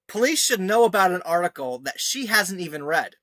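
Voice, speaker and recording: A man's voice: high voice, sing-song, a little fast, hardly any pauses, pushed and bright, dry recording. A man giving sarcastic commentary as he reads out screenshots, mocking and scornful, often laughing. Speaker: online commentator. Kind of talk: reading his own article aloud.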